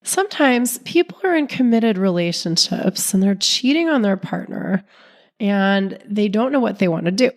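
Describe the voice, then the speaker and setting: A woman relationship coach hosting her own podcast, talking calmly and steadily while sick, her voice sounding off from illness. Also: medium pitch. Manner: calm, steady, non-judgmental explaining. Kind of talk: solo podcast talk.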